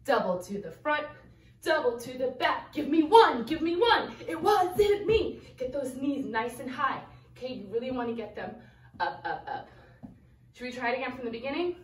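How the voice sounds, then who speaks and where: High-voiced woman counting dance steps. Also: expressive, normal speed, distant mic. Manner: cheerful, counts beats and calls out steps while dancing. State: slightly out of breath. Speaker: dance instructor. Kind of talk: dance lesson for children. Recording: echoey room, voice from afar.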